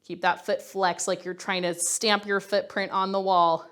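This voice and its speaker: A woman's voice: medium pitch, little pitch movement, moderate pace, a bit bright, clean tone. A woman leading a Pilates workout, coaching in an upbeat, chatty way and counting reps while exercising along, a little winded. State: working out along, slightly winded. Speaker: Pilates instructor. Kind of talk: guided workout instruction.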